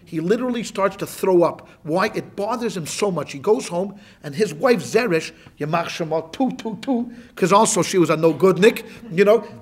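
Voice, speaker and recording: Husky high-voiced rabbi telling a story. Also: male voice, moderate pace, few pauses. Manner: animated, joking, talks straight to the class. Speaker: rabbi teaching a class. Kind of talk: lively storytelling lecture.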